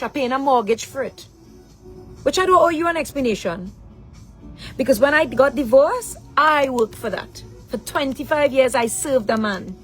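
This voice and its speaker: A middle-aged woman with a high-pitched voice delivers an angry rant straight to the camera. She talks as a mother laying into her daughter, confrontational and full of rhetorical questions. Faint music sits under her voice. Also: rough recording. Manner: confrontational, keeps asking "huh?" rhetorically.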